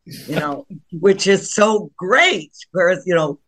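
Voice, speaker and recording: A woman, a stage actress, answering interview questions over a video call in a halting but enthusiastic way. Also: lowish voice, animated, fairly bright tone.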